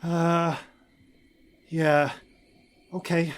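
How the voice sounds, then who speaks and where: A man's voice: fairly high pitch, level tone, very slow. A flustered cleaning woman in her fifties, put on by a man in a tabletop game, talking in a raised voice and tumbling through her story with ums and restarts. She rambles on, chatty and a little rattled. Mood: rambling. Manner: rambling, full of hesitations.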